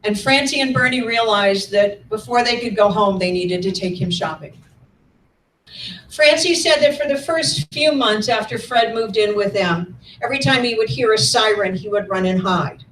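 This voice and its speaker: A woman in her sixties, a guest speaker at a lecture, telling her family's history in a measured, earnest storytelling manner while showing slides. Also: medium pitch, a bit bright, a little hiss or hum. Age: 60s. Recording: echoey room, mic at a distance.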